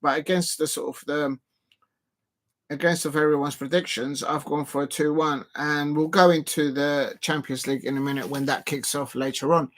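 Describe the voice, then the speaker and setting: A man hosts a casual football watch-along stream from his desk at home, speaking close to the mic. His voice sits a touch higher than most men's. He rambles, restarts sentences and fills gaps with ums while commenting on the match. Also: fairly even intonation, normal speed. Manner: rambling, self-deprecating, many fillers and restarts.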